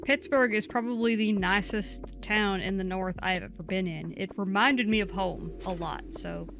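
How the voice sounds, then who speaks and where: A woman's voice: mid-range voice, fairly even intonation, moderate pace, creaky, background noise. A woman with a Southern US accent co-hosting a game stream, chatting casually and playfully with lots of fillers. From United States. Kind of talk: casual let's-play chat.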